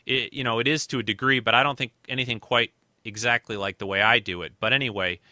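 A man's voice: medium pitch, fairly even intonation, fast, pushed and bright, no echo, studio quality. A man hosting his podcast in casual chat, rambling and often restarting his sentences. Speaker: podcast host.

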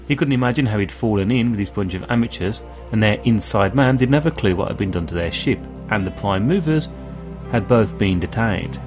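A low-voiced man narrates a science-fiction story with a measured, even delivery. Soft music runs quietly behind the reading. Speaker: audiobook narrator. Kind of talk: scripted narration.

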